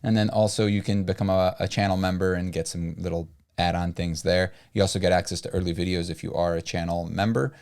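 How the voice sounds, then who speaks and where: A man's voice: fast talker, few pauses. A man co-hosting a casual podcast-style chat, rambling with lots of fillers. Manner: rambling, filler-heavy, lively pitch swings. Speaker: podcast co-host.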